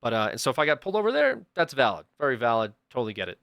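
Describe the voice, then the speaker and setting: A young man, a livestreamer, casually telling a story to his chat and acting out the people in it with sudden loud bursts. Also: mid-range voice, wildly swooping pitch, racing, vocal fry, clean tone, no echo.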